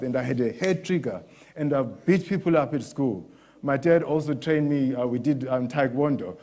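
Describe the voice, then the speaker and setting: A man's voice: on the high side, darkish tone. Man preaching a candid personal testimony. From Zimbabwe. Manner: candid personal testimony, frequent restarts, acts out voices of others. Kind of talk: sermon.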